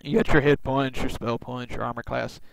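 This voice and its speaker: A man's voice: mid-range voice, little pitch movement, normal speed, gravelly, no echo, low-quality recording. A man hosting a let's play, giving casual gameplay commentary full of rambling, wry asides.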